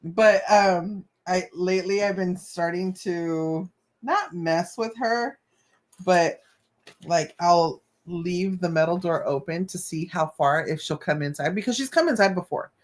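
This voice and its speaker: A woman with a lowish voice hosts a casual live stream on her channel, speaking unhurriedly. She tells chatty stories with mild cussing and Spanish asides while working on a craft.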